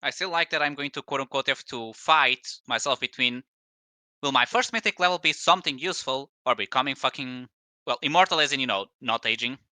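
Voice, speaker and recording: A man's voice: mid-range voice, a little fast, sharp tone, no echo. A man in casual post-game chat who jokes and laughs in the middle of his sentences. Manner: joking, laughs mid-sentence. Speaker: tabletop game player.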